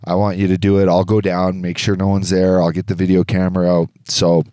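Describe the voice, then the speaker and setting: A man co-hosting a podcast, telling a story in casual chat, animated and profane, acting out what others said. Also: deep voice, a little fast, smooth, no echo. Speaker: podcast co-host. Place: indoor studio.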